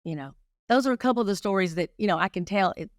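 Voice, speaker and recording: Quick-paced and mid-range in pitch, a middle-aged woman serves as a guest investigator in a casual interview, recorded at studio quality with no room sound. She tells her stories with liveliness, addressing listeners head-on.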